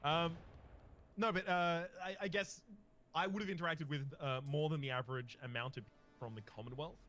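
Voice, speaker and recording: A man hosting a casual gaming chat, telling stories in an animated, rambling way. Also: on the high side, brisk, slight background noise. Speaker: host.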